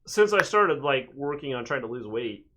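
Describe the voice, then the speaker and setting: A man's voice: mid-range voice, big pitch swings, normal speed, sharp tone. A middle-aged man co-hosting a casual live stream, chatting in a rambling way and reading comments aloud. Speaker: co-host reading live chat.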